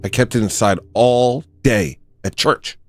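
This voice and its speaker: A man hosting a livestream, rambling through a comedic monologue and acting out shouting kids. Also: mid-range voice, a little slow, faint music behind. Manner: animated, jokey, often mimics shouting kids. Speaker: livestream host.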